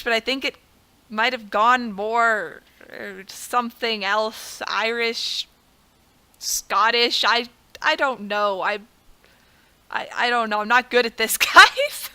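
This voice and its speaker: Young woman gamer, bright and chatty commentary, laughs at herself often. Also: fairly high pitch. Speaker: gaming video creator. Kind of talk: casual gameplay commentary.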